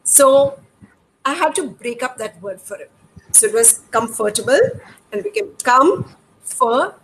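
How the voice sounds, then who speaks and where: A middle-aged woman with an Indian English accent, her voice high and clear, talks parents through reading skills at home. She explains patiently, poses questions and answers them herself, and sounds out examples. A faint hiss of background noise sits under her voice. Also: very animated, normal speed, poor audio. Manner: patient, demonstrative, asks rhetorical questions. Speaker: educator.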